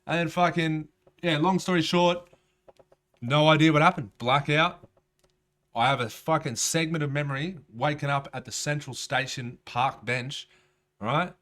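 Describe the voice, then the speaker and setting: A man's voice: fairly high pitch, a little slow, fairly bright tone. Profane man telling a yarn. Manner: profane, rambling, streetwise slang. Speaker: rapper. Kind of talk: casual storytelling.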